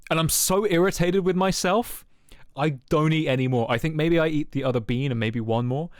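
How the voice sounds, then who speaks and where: A man's voice: fairly high pitch, fairly quick, dry recording, studio quality. A young man streaming, telling a rambling story to his chat with lots of fillers and swearing. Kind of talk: casual chat with viewers. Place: home streaming setup.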